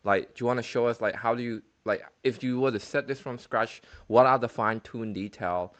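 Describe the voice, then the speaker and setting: A man's voice: medium pitch, fairly quick, dull audio. A man hosting a casual call, asking loose, rambling questions full of fillers. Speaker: host. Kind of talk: casual video-call interview.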